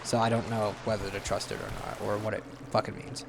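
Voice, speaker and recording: A man's voice: fairly low pitch, level tone, fast, background noise. A young man giving casual gameplay commentary, tense and swearing, with sudden jumpy outbursts. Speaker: gaming channel host.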